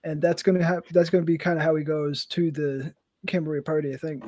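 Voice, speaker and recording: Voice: medium pitch, level tone, fairly quick, darkish tone. A tabletop game player who describes a character in a rambling, casual way.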